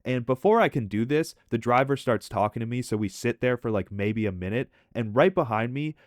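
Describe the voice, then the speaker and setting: A young man casually telling a chaotic story over gameplay, animated and swearing freely as he acts out his own reactions. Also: medium pitch, brisk, no echo, clean studio sound. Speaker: storytelling commentary host.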